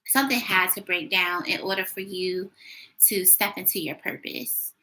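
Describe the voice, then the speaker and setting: A woman's voice: fairly low pitch, moderate pace, sharp tone, poor audio. A woman giving a casual tarot reading at home, chatty, with many fillers and little laughs. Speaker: tarot reader.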